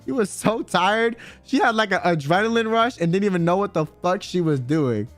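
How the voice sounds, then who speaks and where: A man's voice: high voice, animated, normal speed, faint music behind. A young man streaming, telling a story in casual chat, swearing, laughing and saying bro a lot. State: sore throat.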